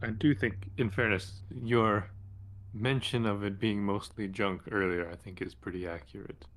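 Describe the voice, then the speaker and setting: A man's voice: fairly low pitch, steady tone, moderate pace, fairly bright tone. A man playing a tabletop game who speaks in an easygoing, hesitant way. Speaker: player.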